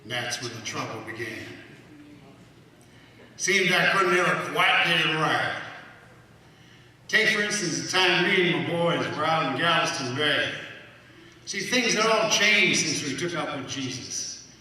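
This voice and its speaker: An actor with a Texan accent playing a blunt, loyal shrimper in a live stage monologue. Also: male voice, fairly high pitch, lively intonation, a little slow, long pauses, pushed and bright, heavily acted. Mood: storytelling. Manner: folksy drawl, plainspoken. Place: café stage. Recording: echoey hall, mic far off.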